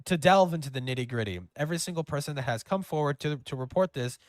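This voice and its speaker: A man's voice: on the high side, animated, quick pace, hardly any pauses, dry recording, faint music behind. A man giving reaction commentary on screenshots, incredulous and profane, stammering into outbursts. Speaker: commentary YouTuber.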